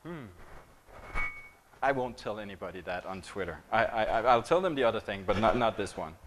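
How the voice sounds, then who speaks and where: A man's voice: fairly low pitch, expressive, a little fast, background noise. A man giving a conference presentation. He talks conversationally, asking the audience questions and joking. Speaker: keynote speaker on marketing.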